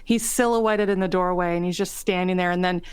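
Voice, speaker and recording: A woman with a smooth, clear voice retells a scene with eager enthusiasm, dwelling on every moment. Her voice is recorded close and dry. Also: on the low side, fairly even intonation, no room sound. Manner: enthusiastic, drawn-out storytelling. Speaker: podcast co-host. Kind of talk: casual livestream chat.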